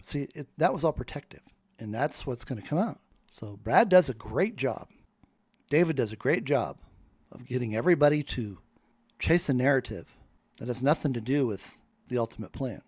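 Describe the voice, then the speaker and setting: A man's voice: medium pitch, animated, normal speed, a little mellow, husky, no echo. A man in a fervent, preacher-like monologue that rambles from point to point. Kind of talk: spoken monologue.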